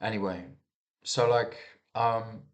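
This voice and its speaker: A man's voice: lowish voice, steady tone, slow. A man giving a casual monologue about the news, talking heatedly with lots of restarts and swearing. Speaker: commentator reviewing the news.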